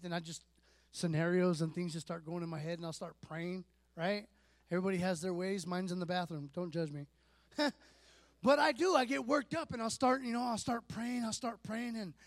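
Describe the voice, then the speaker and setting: A man, likely in his thirties, sharing a personal church testimony in a relaxed, self-deprecating way, with lots of fillers and restarts. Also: high voice, no room sound.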